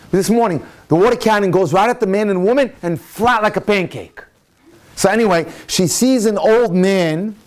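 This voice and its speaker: A man, a rabbi, telling a story in a sermon, animated and swinging into excited quoted voices. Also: on the high side. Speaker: rabbi lecturer.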